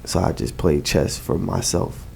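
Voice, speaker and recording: A man's voice: low voice, fairly even intonation, measured pace, vocal fry, warm tone, a little hiss or hum. A man with a New Jersey accent talking casually in a podcast interview, emphatic and slangy, repeating phrases. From Newark, New Jersey. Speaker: event host and guest.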